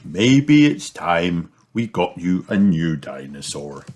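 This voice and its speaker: A jolly father pig speaks in a deep, unhurried voice, as a man reads him aloud. He talks gently and warmly, his pitch rising and falling freely. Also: sing-song, full character voice. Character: jolly father pig, calm and good-humoured.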